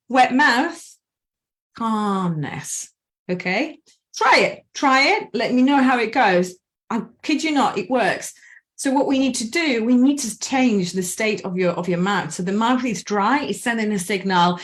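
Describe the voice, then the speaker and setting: A woman coaching on anxiety in a casual, animated talk, slowing down to count breaths and acting out anxious and calm inner voices. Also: on the high side. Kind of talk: casual guided presentation.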